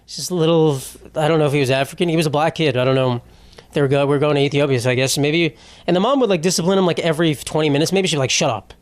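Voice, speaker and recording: A man's voice: on the high side, rapid-fire, dry recording. A man hosting a podcast, telling rambling, profane comic stories and laughing at his own jokes. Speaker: podcast host. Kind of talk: rambling comedic monologue.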